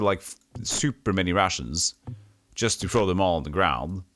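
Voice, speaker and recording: A man's voice: deep voice, sing-song, normal speed, a bit bright. A young man streaming a retro role-play game, chatting casually with wry, self-mocking remarks and reading the story aloud.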